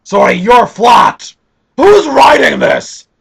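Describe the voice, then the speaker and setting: A shouty, melodramatic arch-villain, played by a man in a fan parody audio drama, very high-pitched and rough as gravel. He drawls slowly between outbursts and keeps breaking character to grumble. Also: sing-song, heavily acted. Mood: ranting villain. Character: ranting villainous mastermind, adult male.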